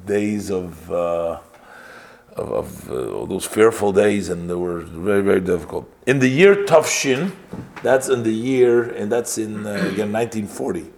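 A man telling a story in a religious lesson, halting, with frequent pauses and self-corrections. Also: fairly low pitch, darkish tone. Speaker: religious teacher.

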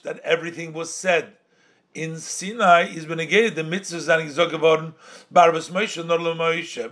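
A man's voice: a little high, pushed and bright. A man teaching a Torah text, explaining phrases in English mixed with Yiddish and Hebrew terms in a sing-song study cadence. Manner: explains by translating phrases, then restating them. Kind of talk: Talmudic-style study lesson.

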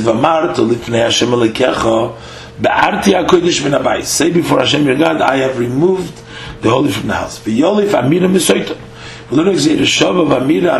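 A man teaching a daily Talmud lesson. He reads a phrase of the text, translates it, and explains it in a halting way with many "uh" fillers. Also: fairly high pitch, reverberant, a little hiss or hum, low-quality recording. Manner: reads Hebrew-Aramaic phrases, then translates them.

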